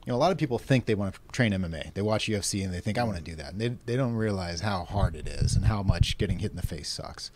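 Quick-talking, low-voiced male podcast host. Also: animated, noisy background. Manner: brief backchannels, casual questions. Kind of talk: interview.

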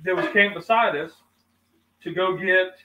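A man's voice: high-pitched, measured pace, sharp tone, muffled recording, a little hiss or hum. A middle-aged man hosting a cooking chat, telling a story animatedly and acting out quoted exchanges. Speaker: host of a cooking channel. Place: outdoors at a cookout. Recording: echoey, distant mic, faint ambience.

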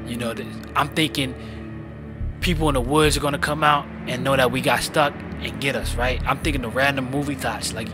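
Young dude telling a scary storytime, slangy and animated, loud music going under him. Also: male voice, mid-range voice. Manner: animated, slangy, jumps into excited loud bursts. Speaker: storytime channel host. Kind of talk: casual storytime narration. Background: background music.

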